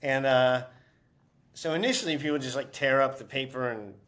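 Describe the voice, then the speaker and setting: A man's voice: mid-range voice, normal speed, fairly bright tone. Rambling man telling stories. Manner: rambling, many fillers and restarts, laughs while telling stories. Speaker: interviewed author. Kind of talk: casual storytelling interview.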